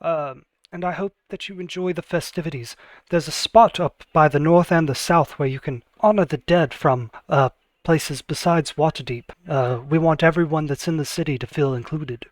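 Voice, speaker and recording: A man's voice: on the high side, moderate pace, no room sound, close to an everyday voice. A man voicing a gracious, grieving noblewoman artificer who speaks politely and hesitantly.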